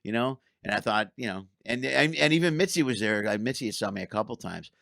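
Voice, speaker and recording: A man with a low, gravelly voice rattles off comedy-club stories at a quick clip, swearing freely and acting out his own past reactions. The sound is dry and close, with no room around it. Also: no echo. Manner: swearing, animated storytelling. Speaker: comedian podcast host. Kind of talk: casual storytelling chat.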